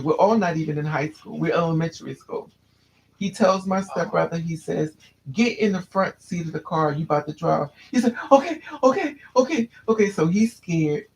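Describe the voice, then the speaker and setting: Gravelly man telling a personal story. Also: fairly high pitch, slight background noise, rough recording. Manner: candid, restless, repeats and restarts phrases.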